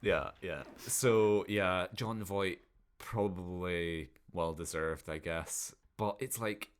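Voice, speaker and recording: A man with a very low, deep voice chatting on a podcast in a loose, rambling way. He drifts from point to point and laughs at his own jokes. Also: slow. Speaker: podcast co-host. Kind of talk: casual chat reviewing films.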